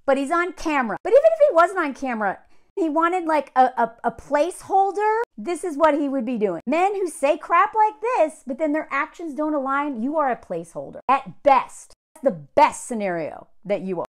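Animated high-voiced woman, chatty and sarcastic. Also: moderate pace. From Southern United States. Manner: chatty, sarcastic, mocks others in put-on quotes. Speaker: dating show commentator. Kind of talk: casual reaction commentary.

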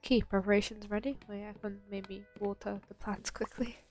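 A woman's voice: mid-range voice, little pitch movement, brisk, a little mellow, faint music behind. A young woman giving casual commentary while playing a bakery game, chatting to herself and to the customers in the game. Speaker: gaming channel host.

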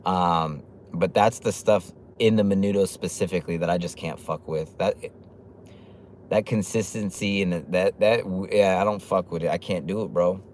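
A man's voice: deep voice, fairly even intonation, moderate pace, a little mellow, a little hiss or hum. A man hosting a casual livestream, reading chat comments aloud with loose, profane talk and lots of laughs. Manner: fillers and restarts, laughs often. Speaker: livestream host.

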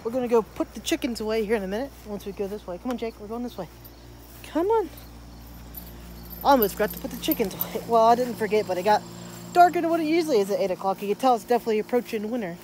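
A woman's voice: a little high, expressive, quick pace, warm tone, a little hiss or hum. A young woman vlogging at her rural home, chatting in a rambling way and talking to her pets. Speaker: daily vlogger. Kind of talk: casual vlog chat.

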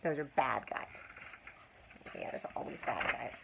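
An older woman, a grandmother, reading a children's story aloud with expressive, drawn-out emphasis and asides to a child. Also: rumbling low, gravelly, noisy background.

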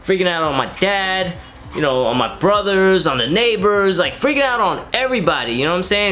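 A man's voice: high-pitched, expressive, a little fast, bright, forceful tone, slight background noise. Laid-back man telling a story. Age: 30s. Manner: rambling, filler-heavy, laid-back slang. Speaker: reptile keeper and vlogger. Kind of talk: casual storytelling.

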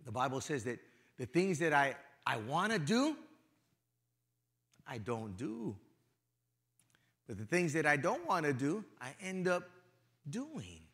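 A middle-aged male pastor giving a sermon in a casual, conversational way, with his volume swinging from loud to hushed. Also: a little high, very animated, slow pace, pauses often. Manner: casual, conversational, peppered with "you know".

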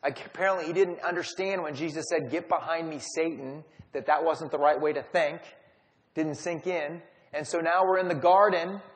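Man teaching a Bible study, casual storyteller, slightly high voice, long hall reverb. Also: steady tone, normal speed. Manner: storytelling, acts out quotes.

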